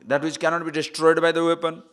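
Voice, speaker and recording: A man's voice: a little high, level tone, fast, a bit bright. A man giving a spiritual talk, playful and laughing often, asking rhetorical questions. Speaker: spiritual teacher.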